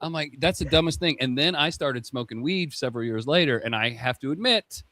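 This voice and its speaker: A man's voice: medium pitch, lively intonation, fairly quick, pushed and bright, no echo. A man in his fifties chatting on a podcast, telling stories in a wry, self-deprecating way. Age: 50s. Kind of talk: casual podcast chat.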